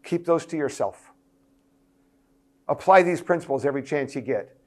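A pastor addressing church leaders in an earnest, emphatic way. His voice sits a little high for a man, and he hammers points home by repeating short phrases. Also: expressive, moderate pace. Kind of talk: sermon-style talk to church leaders.

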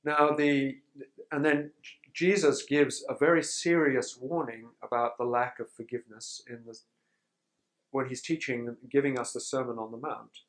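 A man giving a conference talk to pastors in a sermon tone, measured and reflective, often pausing to clear his throat. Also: mid-range voice, fairly even intonation, rough recording. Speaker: speaker teaching pastors on forgiveness.

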